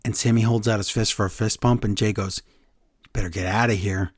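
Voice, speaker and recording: A man's voice: on the low side, a little fast, no room sound, studio quality. A man co-hosting a casual podcast chat, recapping wrestling and acting out the quotes in different voices. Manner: animated, acts out quotes with voice changes.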